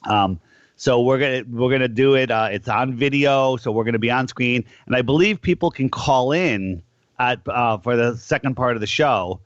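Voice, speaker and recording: A man's voice: medium pitch, no echo. Rambling man on a muffled radio call-in. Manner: rambling, restarts often, stretches words out slowly. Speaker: radio show host. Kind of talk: casual call-in radio chat. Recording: dull lo-fi sound.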